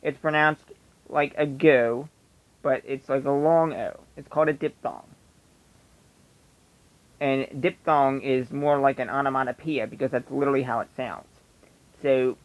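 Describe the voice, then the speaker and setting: A man's voice: mid-range voice, low-quality recording. A man with a Delco accent from the Philadelphia area, ranting casually and bluntly about local opinions straight to camera. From Delaware County, Pennsylvania. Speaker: vlogger.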